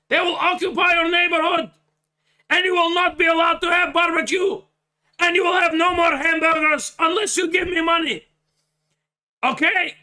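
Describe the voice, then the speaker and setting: A man playing a frantic male head of state who shouts and rants in broken English, begging for money. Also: very high voice, exaggerated voice. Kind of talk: comedic impression on a livestream.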